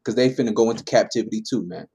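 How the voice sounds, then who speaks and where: A man leading a Bible class, reading verses and explaining them in a relaxed, conversational way. He keeps checking in with his listeners by tagging his lines with "man" and "right?". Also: fairly low pitch, racing, breathy edge. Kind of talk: informal scripture teaching.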